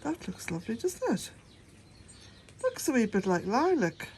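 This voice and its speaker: An Irish woman from the west of Ireland chats to camera for her cottage gardening vlog, outdoors by the garden and shed. Rambling, laughing often and a bit out of breath, she speaks in her own voice at normal speed, pitched on the high side with big swings, darkish in tone, with a little hiss or hum.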